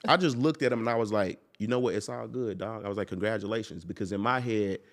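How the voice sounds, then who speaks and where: A young man, a podcast guest, telling a personal story in a casual, animated way and acting out the people in it. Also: lowish voice, fast talker. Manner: animated, acts out quoted people.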